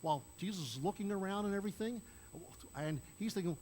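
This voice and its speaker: A man's voice: high voice, fast talker, a little mellow, a little hiss or hum, poor audio. A man preaching a sermon as pastor, acting out the Bible characters in raised voices as he tells the stories.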